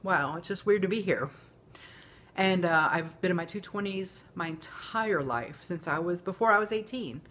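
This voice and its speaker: A woman's voice: lowish voice, normal speed, a bit bright. A woman, talking candidly and emotionally in a rambling personal vlog. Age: 40s. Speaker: vlogger. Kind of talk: casual confessional vlog.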